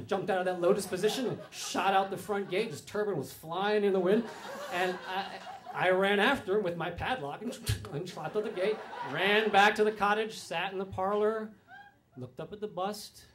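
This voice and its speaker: A man telling a personal story on stage in a conversational way, often checking in with tag questions. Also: high voice. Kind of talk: live storytelling to an audience.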